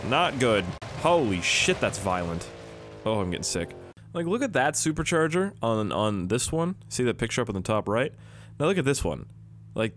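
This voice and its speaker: A young man giving rambling, casual commentary over a driving game, swearing and yelling when things go wrong. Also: mid-range voice. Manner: rambling, excitable, swears, yells when the car crashes. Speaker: gaming YouTuber. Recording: noisy game audio behind the voice. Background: car engine sounds from the game.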